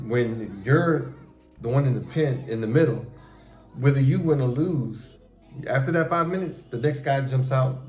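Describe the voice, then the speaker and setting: A middle-aged man hosting a casual chat with his son, telling profane, animated stories about his past and acting out how he reacted. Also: mid-range voice. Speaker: show host talking with his son. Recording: echoey room with faint music.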